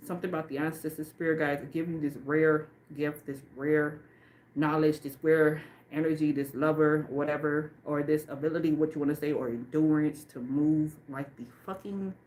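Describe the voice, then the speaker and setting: Woman, lowish voice, livestream card reader, swears a lot, emphatic, reads card text slowly. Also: a little hiss or hum. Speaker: tarot and oracle card reader. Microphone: off camera, face not shown.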